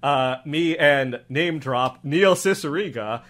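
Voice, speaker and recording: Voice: medium pitch, takes it slowly, a bit bright. A podcast guest chatting casually, hesitant, with many "uh"s. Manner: hesitant, trailing off with "uh". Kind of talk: casual chat.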